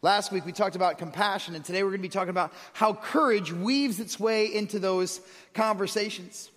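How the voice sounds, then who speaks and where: High-voiced preacher in a big echoing hall. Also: male voice, fairly quick, a bit bright. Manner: earnest, reads scripture aloud to the congregation. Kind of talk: sermon. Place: church auditorium. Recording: long reverb of a large hall.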